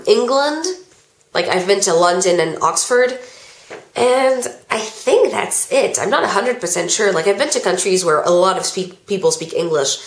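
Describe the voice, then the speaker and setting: A teenage girl with a Californian-tinged American accent, answering viewer questions in a casual vlog. She reads each question aloud, then answers chattily with "um" and "like". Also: mid-range voice. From France. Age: teens. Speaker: vlogger. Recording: roomy echo.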